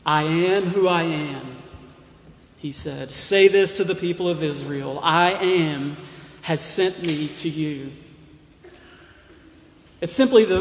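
A man preaching a sermon, emphatic, often repeating and restarting words as he stresses his points. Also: sits high. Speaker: pastor. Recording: roomy hall with long reverb.

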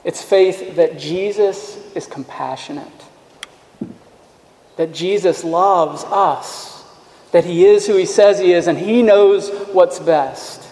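A man preaching a sermon in an earnest, emphatic way, dropping to quiet asides. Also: a little high, a little hiss or hum. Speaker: pastor. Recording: echoey hall with long reverb.

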